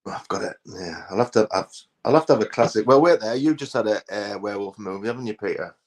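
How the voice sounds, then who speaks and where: A man's voice: on the low side, lively intonation, quick pace. A man, chatting casually in a hesitant, easygoing way. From North East England. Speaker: podcast co-host. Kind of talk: casual chat.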